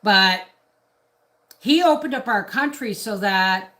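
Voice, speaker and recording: A woman's voice: medium pitch, lively intonation, takes it slowly, pushed and bright. A middle-aged woman from Canada talking on a casual live stream, ranting in a rambling, indignant way with restarts. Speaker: homestead vlogger on a live stream.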